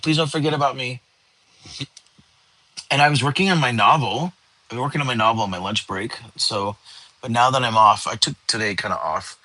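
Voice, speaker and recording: A man's voice: medium pitch, sharp tone, no room sound, low-quality recording. A middle-aged man hosting a casual livestream from his bedroom, tired and yawning, rambling and answering chat comments. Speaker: livestream host.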